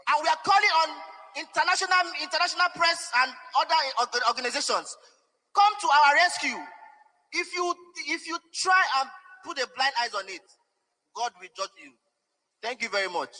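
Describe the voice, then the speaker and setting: Very high-pitched, impassioned man. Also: expressive, moderate pace, sharp tone, in a large hall, poor audio. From Nigeria. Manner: emotional, pleading and defiant. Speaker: press conference speaker. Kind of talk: impassioned public statement.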